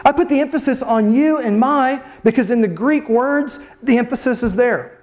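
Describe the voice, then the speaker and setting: A preacher delivering a sermon with expressive, slow dramatic emphasis and rhetorical questions. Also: mid-range voice.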